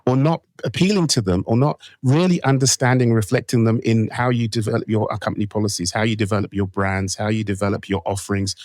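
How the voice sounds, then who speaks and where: A man's voice: lowish voice, no room sound. A man with a British accent, a podcast guest speaking emphatically and animatedly in an interview. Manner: animated, emphatic, laughs while making points. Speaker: guest, marketing company co-founder.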